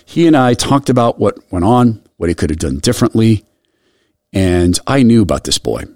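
A middle-aged male radio host with a low voice that swings widely in pitch. He talks earnestly, telling a personal story in a hushed, caring way. The sound is close and dry, with no room around it. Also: big pitch swings, moderate pace, dry recording. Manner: earnest, soft storytelling that drops quiet when moved.

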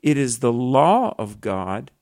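A man's voice: mid-range voice, very animated, slow pace, a little mellow, no echo, clean studio sound. A man co-hosting a conversational Bible teaching, earnest and reflective, quoting scripture as he talks. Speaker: co-host.

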